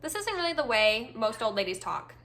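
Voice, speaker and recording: High bright-voiced exasperated storyteller woman. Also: very animated, brisk. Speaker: podcast host. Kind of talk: storytime podcast.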